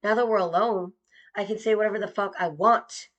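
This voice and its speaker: A woman's voice: mid-range voice, steady tone, a little fast, a bit bright. A young woman tells a personal story straight to the listener. Her delivery is sarcastic and mocking throughout, and she swears freely.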